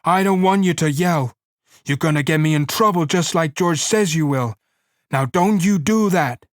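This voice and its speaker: A man's voice: a little high, expressive, normal speed, dry recording, studio quality, close to an everyday voice. A man reading aloud and voicing a big, simple-minded male ranch hand with a childlike, earnest way of talking. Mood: angry. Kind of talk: audiobook reading.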